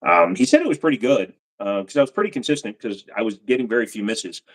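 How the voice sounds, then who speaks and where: A man chats loosely on his home livestream, talking straight to his viewers at the computer. His pitch swings widely as he jokes around. He keeps slipping into goofy put-on accents. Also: very animated, quick pace, a bit bright. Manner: playful, slips into silly put-on accents. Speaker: livestream host answering chat questions. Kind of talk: casual livestream chat.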